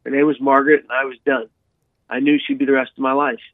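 A man telling a long personal story in an interview, animated, with frequent restarts and repeated words. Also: mid-range voice, quick pace, dry recording. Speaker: guest sharing his life story. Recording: dry tinny phone-like sound.

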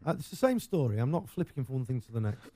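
Rambling english radio guy, jokey, mellow, dry close sound. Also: mid-range voice, sing-song, quick pace, no echo. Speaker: radio show host. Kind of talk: casual on-air banter.

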